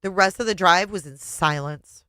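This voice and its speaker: A fairly low-pitched woman reads a memoir at normal speed, her delivery emotional and expressive, and she adds reviewer's commentary along the way. No room sound.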